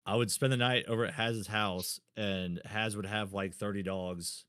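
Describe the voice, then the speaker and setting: A man's voice: on the low side, fairly even intonation, moderate pace, fairly bright tone, no echo, studio quality. A man in his thirties, co-hosting a podcast, telling childhood stories in a casual, blunt, self-mocking way with plenty of swearing. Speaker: podcast co-host. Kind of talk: casual storytelling chat.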